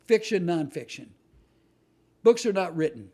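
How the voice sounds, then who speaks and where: Emphatic male storyteller, warm tone. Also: on the high side, a little fast. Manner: animated storyteller, punchy emphatic repetitions. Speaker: host and author. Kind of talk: motivational talk.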